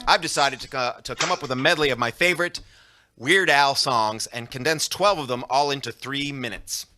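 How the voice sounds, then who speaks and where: A man chatting and then singing a fast parody medley over his guitar on a video call. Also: mid-range voice. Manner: quick patter, laughs between lines. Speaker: comedy musician. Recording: loud guitar under the voice.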